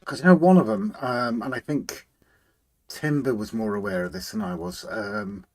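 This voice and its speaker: A man's voice: mid-range voice, animated, a little fast. Guy on a live stream, reading out chat and saying hi to everyone, hums little tunes while he tinkers. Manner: chatty, greets viewers warmly by name, hums to himself while working. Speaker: livestream host. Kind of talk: casual live chat, reading out viewer comments.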